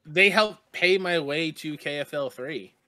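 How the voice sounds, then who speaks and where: A man's voice: fairly high pitch, unhurried, crowd noise. A man talking as a guest on a podcast, earnest and heartfelt, from Long Island, New York. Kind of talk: casual podcast chat.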